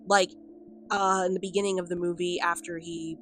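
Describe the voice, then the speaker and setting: Woman commentator, lower register, casual vlog ramble full of "like" and "um". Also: flat delivery, moderate pace, a bit bright, soft background music. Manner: rambling, filler-heavy with frequent "like" and "um"; chatty, laughs between points. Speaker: video commentator. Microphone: camera on a stand.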